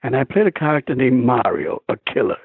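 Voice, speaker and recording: A man, a stage and screen actor, telling stories as a guest in a phone interview, chuckling often and animated. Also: mid-range voice, brisk, slightly rough, no echo. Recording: tinny phone line.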